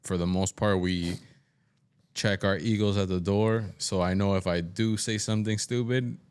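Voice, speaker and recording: A man talking as a podcast guest in casual chat, reflective and thinking out loud. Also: fairly low pitch, steady tone, moderate pace, smooth.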